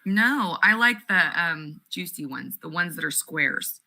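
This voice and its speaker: Female podcast host; crisp, forceful brightness, loose and profane in casual chat. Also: on the low side, lively intonation, unhurried.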